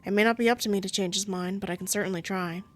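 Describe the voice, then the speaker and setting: A woman voicing a gentle, guilt-ridden young male crewmate in a visual novel, speaking quietly and earnestly. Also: medium pitch, fairly even intonation, racing, soft background music, natural voice. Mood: resigned.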